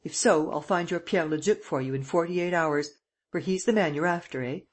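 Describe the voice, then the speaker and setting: A reader voicing a cunning gentleman thief who presses a bound prisoner in a harsh, insistent way, in an audiobook. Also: mid-range voice, moderate pace, breathy edge, natural voice.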